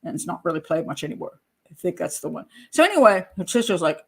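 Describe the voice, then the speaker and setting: A woman's voice: mid-range voice, sing-song, quick pace, vocal fry, breathy edge. An older woman, a criminal profiler, giving chatty, blunt true crime commentary with sarcastic asides.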